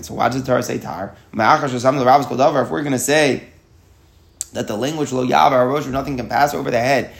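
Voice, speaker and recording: Fast, gravelly Talmud teacher. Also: male voice, a little high. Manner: explains aloud with rhetorical questions, mixes Hebrew and Yiddish terms. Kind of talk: daily Talmud class lecture.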